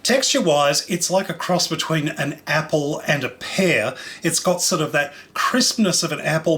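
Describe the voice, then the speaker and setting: A man's voice: on the high side, a bit bright. A man hosting a casual cooking show, chatting enthusiastically as he tastes and describes fruit. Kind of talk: casual food demonstration.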